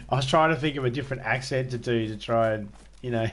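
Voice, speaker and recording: A man's voice: mid-range voice, moderate pace. An Australian man chatting casually with viewers on a live game stream, rambling, self-mocking and swearing freely.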